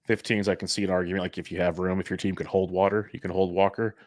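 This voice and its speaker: Man, deep voice, dry close mic, casual podcast co-host, mildly sarcastic. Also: level tone, fast, no echo. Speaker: fantasy baseball podcast co-host. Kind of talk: casual sports chat.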